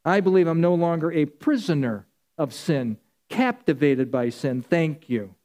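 Emphatic male preacher with a mellow voice. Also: a little high, animated, normal speed. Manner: emphatic, repetitive, insistent; addresses listeners as folks. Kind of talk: sermon.

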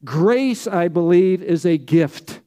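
A man's voice: high-pitched, lively intonation, takes it slowly, dark tone. A man preaching a sermon as pastor, emphatic, stacking repeated phrases and prompting the congregation to answer.

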